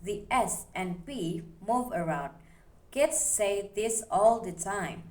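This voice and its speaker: Woman, presentation reading, careful delivery, slow pace, medium pitch. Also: expressive, a little mellow. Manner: slow, careful, reads examples one by one. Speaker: student presenter. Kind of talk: reading a phonology class presentation.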